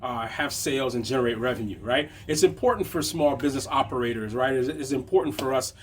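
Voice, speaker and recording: A man's voice: mid-range voice, fast, a bit bright, slight background noise. A man teaching a conversational motivational lesson on business, checking in with frequent tag questions. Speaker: business coach.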